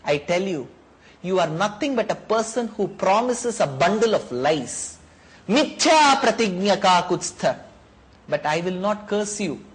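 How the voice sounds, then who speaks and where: A furious old sage, as a storyteller puts him on, thundering his reproach in a raised, forceful voice and chanting lines of Sanskrit. The tone is proud and indignant. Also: a little high, lively intonation, moderate pace, few pauses, lightly acted, poor audio.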